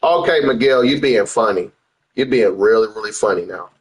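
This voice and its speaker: A man's voice: lowish voice, lively intonation, normal speed, rough recording. A young man hosting a casual live stream, talking loosely with slang and swinging his voice up and down.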